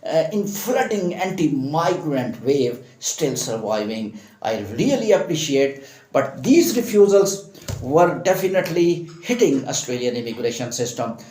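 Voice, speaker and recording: Heated male commentator, somewhat high-pitched, recorded with a lot of room echo. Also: big pitch swings, a little slow, a little mellow. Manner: emphatic and impassioned, repeats phrases for stress. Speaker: immigration news commentator. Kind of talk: opinionated news commentary.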